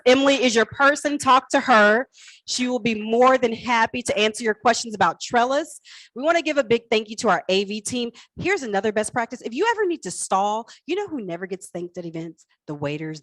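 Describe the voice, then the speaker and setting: A woman's voice: fairly high pitch, brisk, a bit bright, no room sound, low-quality recording. A woman calling a live charity auction on stage, playfully coaxing and teasing bidders by name. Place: event hall stage.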